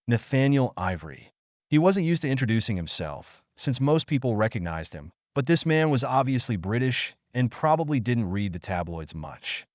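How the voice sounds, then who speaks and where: A man reading an audiobook with expressive storytelling narration. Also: mid-range voice, normal speed, no room sound, clean studio sound.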